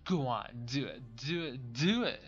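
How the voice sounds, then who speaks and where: A man's voice: medium pitch, expressive, breathy edge. Man reading as a cold, vengeful witch-saint. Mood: taunting. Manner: mocking, commanding, slow and deliberate. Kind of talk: reading game dialogue aloud on a stream. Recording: dull lo-fi with faint music.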